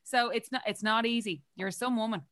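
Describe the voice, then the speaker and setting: A woman's voice: on the high side, a little fast, a bit bright. An Irish woman hosting a podcast, chatting casually and encouraging her guest. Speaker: podcast host. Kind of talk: casual interview chat.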